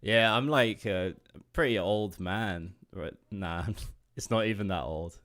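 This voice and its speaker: A man's voice: lowish voice, slow, a bit bright. An English man in his late twenties, an indie game developer chatting casually on a livestream while drawing, rambling, easily distracted, laughing often and swearing casually. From England. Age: late 20s.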